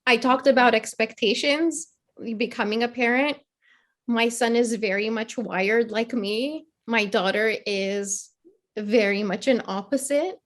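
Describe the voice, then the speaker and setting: Woman guest, therapist mom, earnest and reflective, kinda high voice. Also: a little slow. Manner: earnest, reflective, acts out children's voices in quotes. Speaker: podcast guest, therapist and mother. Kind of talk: conversational interview.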